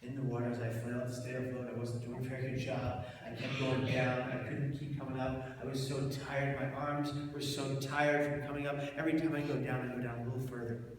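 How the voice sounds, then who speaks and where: A man telling his personal story to an audience as a public speaker, dramatic, swinging between hushed and loud. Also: mid-range voice, level tone, fairly quick, few pauses. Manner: dramatic, shifts from hushed to shouting for effect. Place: large event hall. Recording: echoey hall, mic far off, noisy.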